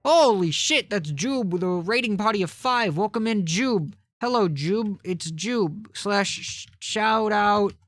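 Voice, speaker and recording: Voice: mid-range voice, expressive, slow pace, few pauses, a bit bright, dry recording, studio quality. A game streamer chatting casually with viewers, swearing often and rambling in a self-deprecating way. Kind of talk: casual live-stream chat while gaming.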